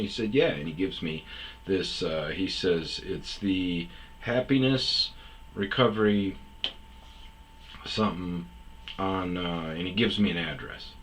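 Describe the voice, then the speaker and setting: A man's voice: low voice, takes it slowly, pauses often, a little hiss or hum, low-quality recording. A man telling a long personal story in a rambling, casual way, full of fillers and quoted back-and-forth. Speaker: podcast host telling stories.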